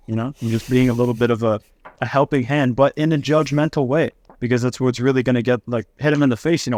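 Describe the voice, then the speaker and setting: A man's voice: mid-range voice, steady tone, fast, a little mellow, no room sound. A man adding his view in casual chat, earnest and explanatory with fillers.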